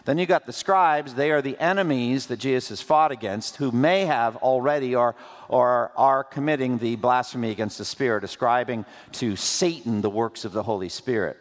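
A man preaching a sermon in an animated way, using rhetorical questions and playful asides. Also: mid-range voice, moderate pace. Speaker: pastor. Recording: long hall reverb.

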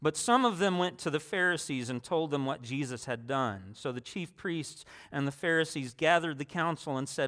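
A man delivering a sermon, reading Bible passages and unpacking them for his listeners. His voice sits a little high for a man. On quoted lines he lifts his pitch and volume for emphasis. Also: moderate pace, few pauses, a bit bright. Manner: reads scripture aloud with rising emphasis on quoted lines. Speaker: preacher. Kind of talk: sermon reading and explaining scripture.

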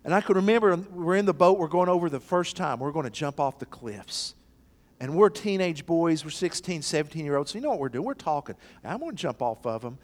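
A man's voice: fairly high pitch, animated, brisk. A man preaching an emphatic sermon in a church, bringing quoted voices to life. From East Tennessee. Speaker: pastor. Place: church sanctuary. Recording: long hall reverb.

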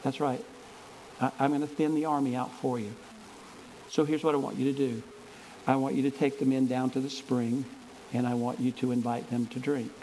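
Man voicing calm deep divine voice. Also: moderate pace, slight background noise, close to an everyday voice, rough recording. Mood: firm. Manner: steady, reassuring, firm. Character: calm, all-knowing divine voice.

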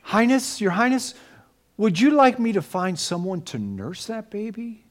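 A man playing a young girl who pretends to stumble on a baby and politely offers to find a nurse, in a light, high voice. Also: wildly swooping pitch, takes it slowly, dark tone, husky, heavily acted. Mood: feigned innocence. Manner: playacted, innocent and eager. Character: young girl feigning innocent surprise.

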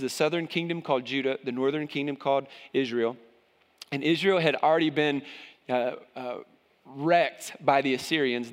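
Impassioned high-voiced male preacher. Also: a bit bright, in a large hall. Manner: impassioned, rises in pitch when voicing cries to God. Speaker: pastor. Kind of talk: sermon.

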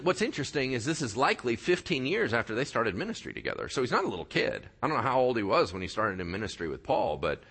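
A man over forty preaching a sermon, swinging from quiet low passages to loud raised ones. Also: breathy edge. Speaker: pastor.

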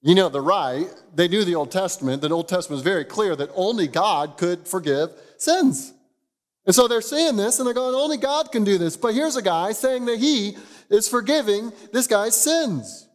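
A man, a pastor, giving an expository sermon, telling the story in an animated way and chuckling now and then. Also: high voice, moderate pace, big-room sound.

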